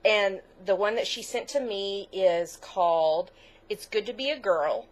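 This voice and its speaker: A middle-aged woman co-hosting a crafts podcast in casual chat, gushing, chatty and easily moved. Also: medium pitch. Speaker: podcast co-host.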